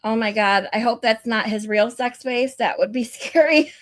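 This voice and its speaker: A woman's voice: fairly high pitch, normal speed, a bit bright, no echo. Giggly woman hosting a chatty stream. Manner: giggly and chatty, laughs a lot. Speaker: livestream host. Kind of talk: casual chat.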